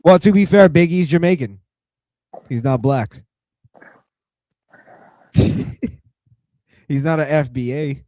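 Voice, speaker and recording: A man's voice: on the high side, slow pace, long pauses, warm tone, no echo. A man with a slightly raised voice chimes in with teasing remarks and frequent laughter. The sound is dry and close, with no room ring. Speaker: podcast co-host. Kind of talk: casual chat.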